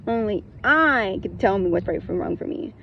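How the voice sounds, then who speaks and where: A woman's voice: medium pitch, expressive, a little fast, gravelly, dull audio, slight background noise. A woman in a casual spiritual talk, blunt and emphatic, who swears, repeats her points and keeps breaking into laughter. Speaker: spiritual content creator.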